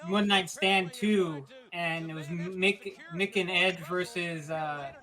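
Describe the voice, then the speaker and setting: A man's voice: high voice, steady tone, takes it slowly, bright, forceful tone. A man co-hosting a podcast, rambling through anecdotes in casual chat. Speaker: podcast co-host.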